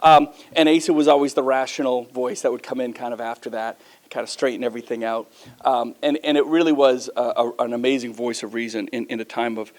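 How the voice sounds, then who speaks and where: A man giving a lively, joking introduction to a breakfast audience, with big jumps in pitch. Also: a little fast. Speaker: guest speaker introducing a governor. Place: event room with audience.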